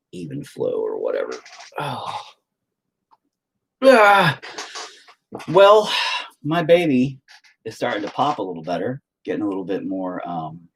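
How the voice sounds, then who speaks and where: Low-pitched and creaky yet a little mellow, this man's voice carries over slight background noise. He's a painting vlogger who talks casually as he paints, wandering off topic, swearing, and ribbing himself.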